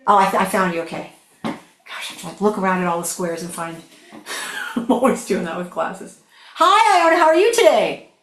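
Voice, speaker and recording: A woman's voice: mid-range voice, normal speed, roomy sound. A woman teaching a flute masterclass over a video call, chatty and enthusiastic. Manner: chatty, enthusiastic, animated storytelling.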